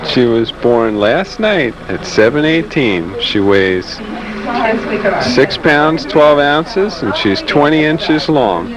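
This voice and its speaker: Slow proud new father. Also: medium pitch, lively intonation, a crowd in the background, low-quality recording. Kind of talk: casual home video narration.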